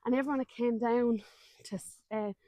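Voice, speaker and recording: A woman's voice: fairly high pitch, fairly even intonation, moderate pace, mellow, no room sound. A woman in her thirties with an Irish accent, a guest animatedly telling a personal story in a casual, colloquial way.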